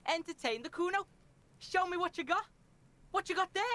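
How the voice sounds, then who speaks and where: A woman's voice: extremely high pitch, animated, moderate pace, sharp tone, heavily acted. A woman voicing a cocky, foul-mouthed boy street kid with a Liverpool accent, taunting and talking about himself in the third person. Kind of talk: video game voice acting.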